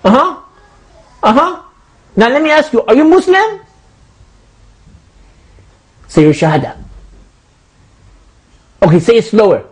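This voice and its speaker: A man's voice: extremely high pitch, wildly swooping pitch, measured pace, pauses often, husky, pitched above the performer's own voice, full character voice. A man putting on a pushy, suspicious shop customer. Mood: demanding. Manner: demanding, suspicious, repeats "brother". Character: pushy male customer grilling a butcher. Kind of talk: comedy sketch.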